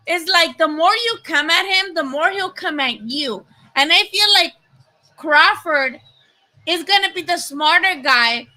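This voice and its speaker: Young woman streamer from Nayarit, high, piercingly bright voice, casual and profane. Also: rough recording. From Nayarit, Mexico. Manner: chatty, excitable and profane, talking to viewers. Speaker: boxing commentary streamer. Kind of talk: casual livestream chat.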